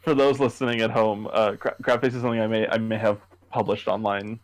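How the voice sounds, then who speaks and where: A young man from Canada, co-hosting a podcast, chatting casually about his writing in a halting way with many restarts. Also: lowish voice, little pitch movement, poor audio. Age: young adult. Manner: halting, restarts often, laughs easily. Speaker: podcast co-host, horror writer. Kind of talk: casual chat.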